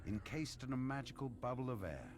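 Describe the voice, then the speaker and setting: A man narrating scenes in an adventure video game with a measured storytelling delivery. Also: mid-range voice, animated, lightly acted. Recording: game audio with music behind.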